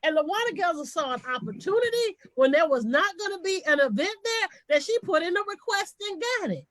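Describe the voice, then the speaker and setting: Emphatic high-voiced woman activist. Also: animated, a little fast, a bit bright, no echo. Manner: emphatic, passionate, repeating for emphasis. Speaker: activist panelist. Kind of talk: panel discussion on a podcast.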